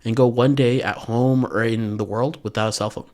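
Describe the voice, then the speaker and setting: A man's voice: medium pitch, steady tone, fairly quick, darkish tone. A young man talking on a podcast in a plain mid-range voice. He speaks bluntly and swears freely. He works his ideas out as he goes. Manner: blunt and profane, thinks aloud. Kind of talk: casual podcast chat.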